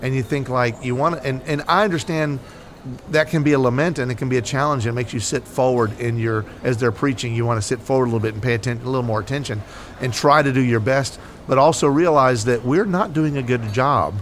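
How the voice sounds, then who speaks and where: Man, American, earnest, repetitive, casual faith talk, mid pitch, faint background noise. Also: fairly quick. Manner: earnest, repetitive, many fillers and "right?". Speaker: Catholic podcast co-host.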